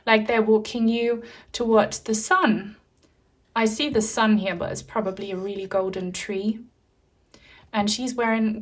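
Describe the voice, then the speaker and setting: A young adult woman giving a gentle, emotional pick-a-card tarot reading, with soft laughs and many fillers. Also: mid-range voice. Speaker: tarot reader.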